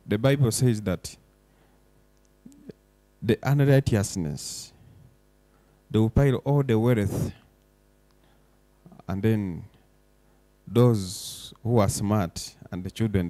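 Young man, low mellow voice, impassioned speechmaker building to forceful declarations, dry close sound. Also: dry recording. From Uganda. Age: young adult. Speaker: foundation director giving a speech. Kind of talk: emotional public speech. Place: event hall.

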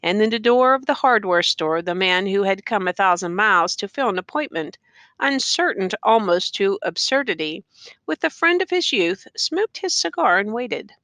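A woman reading a short story aloud in measured narration. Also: medium pitch, animated, fairly bright tone, no echo. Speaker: audiobook reader.

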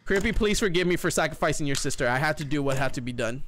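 A man's voice: on the high side, fast talker, slight background noise. A man streaming a horror game, talking to his chat and shrieking whenever something scares him. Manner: excitable, shrieks when scared. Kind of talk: live gameplay commentary.

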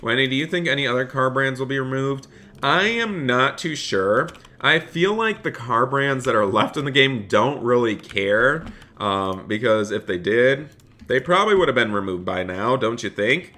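An upbeat man runs a live game stream, chatting with his viewers as he plays and reading their messages aloud. His voice is bright and forward, sitting in a middle register, with keyboard typing behind him. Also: medium pitch, lively intonation, moderate pace. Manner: upbeat, reads chat aloud and answers viewers. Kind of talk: live-stream commentary while playing.

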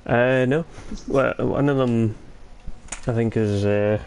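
A man's voice: mid-range voice, steady tone, slow, vocal fry, a little mellow, slight background noise. A man chatting casually on a game stream, laid-back and laughing along. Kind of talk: casual gaming chat.

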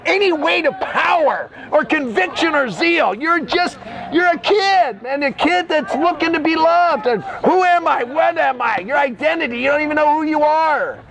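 An older man preaching in the open air, fervent and scolding, often shouting at his listeners. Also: extremely high pitch, expressive, moderate pace, vocal fry, few pauses, rough recording. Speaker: street preacher. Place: city street outdoors.

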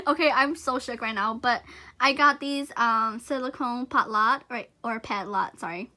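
A woman's voice: sits high, a little slow, sharp tone. A young woman gushing and giggling as she unboxes gifts in a casual vlog.

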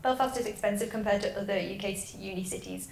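A woman's voice: medium pitch, fast talker, vocal fry, heavy background noise. Easygoing young woman from Lancaster, echoey. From Lancaster, England. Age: young adult. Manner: laughs often, easygoing. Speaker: history and politics student. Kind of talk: casual group chat.

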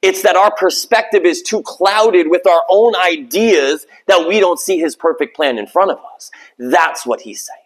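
A pastor preaching a sermon in a conversational, self-deprecating way, acting out little quoted voices along the way. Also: male voice, high-pitched, normal speed, hardly any pauses, husky, low-quality recording.

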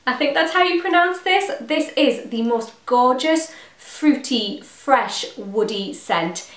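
A woman's voice: sits high, lively intonation, slow, fairly bright tone, echoey room. An English woman vlogger reviewing fragrances to camera, gushing and enthusiastic as she lists scent notes one by one. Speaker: beauty vlogger.

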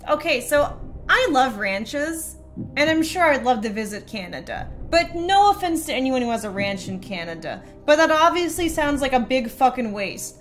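A woman's voice: on the high side, a bit bright. Sarcastic young woman reading chat. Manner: sarcastic, reads messages aloud in mocking voices. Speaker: streamer reading chat messages. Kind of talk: casual stream commentary.

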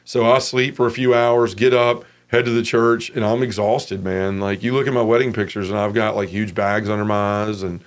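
A man's voice: lowish voice, level tone, normal speed, hardly any pauses. A man in his forties from Memphis, giving a frank, casual personal testimony as an interview guest.

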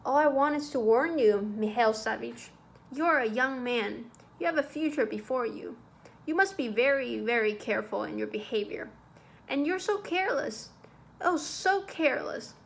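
A woman's voice: a little high, lively intonation, normal speed, gravelly. A woman voicing a fussy, anxious, old-fashioned male schoolmaster who lectures primly and frets. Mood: anxious lecturing. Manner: agitated, prim and lecturing.

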